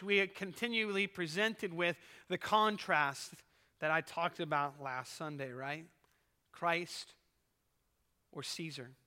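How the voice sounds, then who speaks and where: A male pastor preaching a sermon at a live church service, building to loud emphasis and reading a poem with dramatic force. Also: high-pitched. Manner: preaches with rising emphasis, reads poetry dramatically. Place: church sanctuary. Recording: live church service with long hall reverb.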